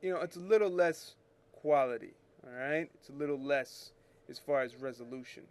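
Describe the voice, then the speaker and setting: A man's voice: medium pitch, moderate pace. A man hosting a photo retouching show, explaining scanner settings in a chatty, rambling way that corrects itself as he works at his computer. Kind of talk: casual screen-share tutorial.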